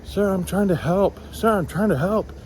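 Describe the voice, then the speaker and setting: A man doing a pushy woman tout, high pitched, pleading, repetitive, insistent. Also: moderate pace, darkish tone, slight background noise, lightly acted.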